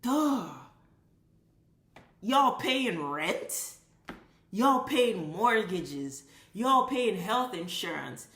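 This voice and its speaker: Woman ranting with bright, ringing tone. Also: medium pitch, lively intonation, drawn-out words, long pauses, roomy sound. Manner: profane, emphatic, repetitive. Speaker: vlogger. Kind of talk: impassioned commentary rant.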